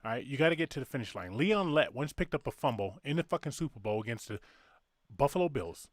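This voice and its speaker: Brief: drunk Southern male podcast co-host, quick and swooping, cursing freely, dry close mic. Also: mid-range voice, no room sound. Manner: profane, rambling, animated storyteller. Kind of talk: casual podcast banter.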